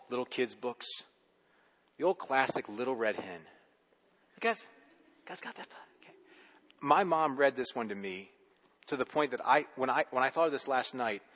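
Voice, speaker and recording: A man's voice: mid-range voice, fairly bright tone, long reverb tail. A male pastor giving a conversational sermon, often repeating and restarting his words.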